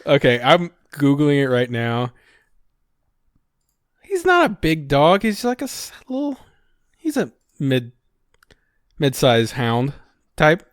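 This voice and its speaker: Guy guesting on a podcast, teasing the host, pitch all over the place, dry sound. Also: huge pitch swings, takes it slowly, long pauses, no echo. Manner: teasing, fact-checking corrections. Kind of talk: casual podcast chat.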